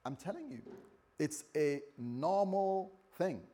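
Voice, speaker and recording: Husky British pastor preaching. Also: male voice, fairly high pitch, expressive, slow. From Britain. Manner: conversational, humorous, swings from hushed to loud. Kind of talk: sermon. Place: church.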